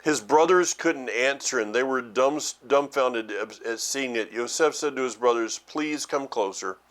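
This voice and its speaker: A middle-aged man teaching a sermon to his ministry's followers, often halting and repeating words as he thinks aloud. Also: medium pitch.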